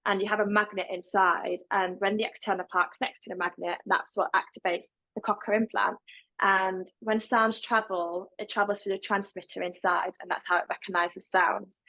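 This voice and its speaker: Young adult woman, deaf accent, level and even delivery; casual podcast guest. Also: medium pitch, moderate pace, rough recording. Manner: fairly level, even delivery with some words pronounced differently. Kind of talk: casual interview talk.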